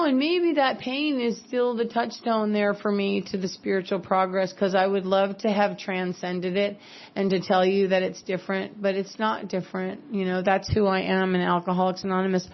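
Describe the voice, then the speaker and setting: A woman from California speaks earnestly about her own recovery, candid and direct, with the odd wry aside. Her voice sits at an ordinary middle pitch. The recording is slightly dull and lo-fi. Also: steady tone, moderate pace. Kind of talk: personal recovery talk.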